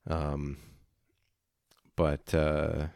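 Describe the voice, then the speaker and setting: A man chatting casually as a podcast co-host, rambling and halting with many fillers. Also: extremely low pitch, completely flat delivery, vocal fry, a little mellow, dry recording, clean studio sound. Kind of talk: casual chat.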